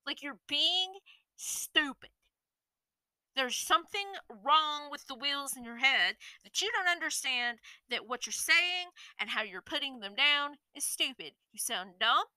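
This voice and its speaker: Woman streamer venting hard, swears a lot, high and really bright voice. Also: expressive, a little slow, no echo, low-quality recording. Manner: blunt, profane, exasperated ranting. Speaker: streamer and influencer. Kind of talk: ranting vlog monologue.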